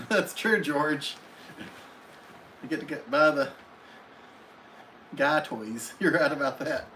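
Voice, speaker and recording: A man with a somewhat high voice hosts a casual live stream from home. He chats easily, reading out viewers' comments and answering them one by one. Faint noise sits under his voice. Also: slow, pauses often, pushed and bright, poor audio. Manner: reads viewer comments aloud in friendly, chatty replies.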